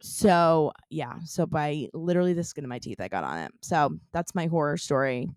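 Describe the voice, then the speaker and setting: A young woman on a podcast tells a story in easy chat, her pitch sitting a little low but swinging widely as she gets into it. She fills her lines with "like" as she goes, and the sound is dry and close to the mic. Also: normal speed, no room sound. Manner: animated storytelling, lots of "like" fillers. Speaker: podcast co-host. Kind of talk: casual chat.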